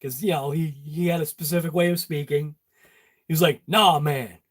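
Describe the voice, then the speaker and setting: Garage host, male, high voice, joking with his viewers. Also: fairly even intonation, brisk, darkish tone. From Massachusetts. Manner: jokey, talks to viewers by name. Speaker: channel host. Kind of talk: casual workshop chat. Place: home garage workshop.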